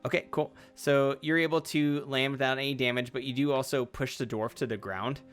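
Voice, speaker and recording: Game master of a tabletop game, rambling and giggly, mid pitch, faint music behind. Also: fairly even intonation, brisk. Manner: rambling, filler-heavy narration with laughs. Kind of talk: tabletop role-play session.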